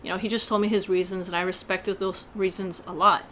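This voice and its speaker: A woman's voice: medium pitch, flat delivery, fairly quick, a bit bright, a little hiss or hum. A woman vlogger telling a personal story in a casual, earnest, rambling way with many fillers.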